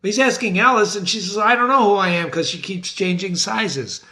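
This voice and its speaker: A man's voice: high voice, normal speed. A middle-aged man hosting his own literature channel, talking to viewers with theatrical enthusiasm. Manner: animated, theatrical, addresses viewers as ladies and gentlemen. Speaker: literature teacher and website host. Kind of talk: enthusiastic talk to camera.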